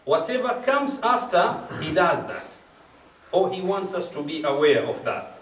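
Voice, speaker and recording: A man's voice: high voice, animated, a little slow. A man giving a religious lecture at a gathering, explaining verses step by step and repeating key phrases. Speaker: speaker at a majlis. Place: mosque or community hall. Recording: echoey hall, mic at a distance.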